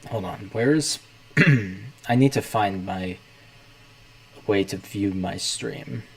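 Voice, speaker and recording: A young man with a fairly low voice hosts a relaxed livestream. He rambles in a laid-back way and narrates each step of his setup. The delivery is chatty and unhurried. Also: poor audio. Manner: rambling, talks himself through the setup. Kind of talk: casual livestream chat.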